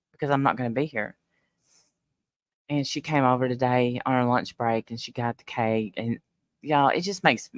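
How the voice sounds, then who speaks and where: A middle-aged woman hosting a casual livestream, getting teary and emotional as she talks warmly with her viewers. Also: very deep voice, no echo. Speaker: livestream host.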